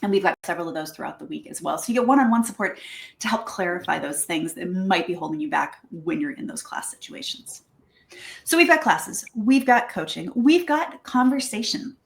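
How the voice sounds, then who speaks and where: A woman's voice: fairly low pitch, a little fast, vocal fry. Chatty woman presenting in an echoey room. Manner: lively, chatty, acts out little quoted exchanges. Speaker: language school owner presenting. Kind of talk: casual presentation to a networking group.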